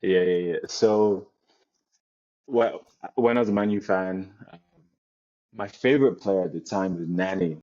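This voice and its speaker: A young man from Nigeria, a guest on an interview podcast, telling stories in a relaxed way with many restarts. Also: low voice, measured pace, pauses often, lo-fi sound. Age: young adult. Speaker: guest, American football player. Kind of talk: casual interview chat.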